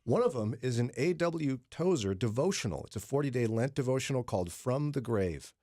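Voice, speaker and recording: A man's voice: medium pitch, expressive, fairly quick, warm tone, no room sound. A man hosting a morning radio show in a studio, chatty and joking with his co-hosts. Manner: chatty, jokey, laughs often. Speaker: radio host.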